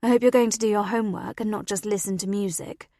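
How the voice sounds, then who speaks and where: A woman's voice: medium pitch, fairly even intonation, fast, warm tone, dry recording, clean studio sound, close to an everyday voice. A woman voicing a practical middle-aged mother in an audiobook, speaking in a matter-of-fact way. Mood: pleased.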